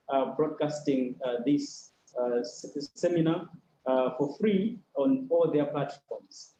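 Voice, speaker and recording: A man moderates a livestreamed panel in a mellow, darker tone, stumbling through fillers and restarts. His voice sits in a roomy space, and the sound is slightly muffled with a faint hiss behind it. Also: on the high side. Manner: halting, many fillers and restarts. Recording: roomy, dull, slightly noisy livestream audio.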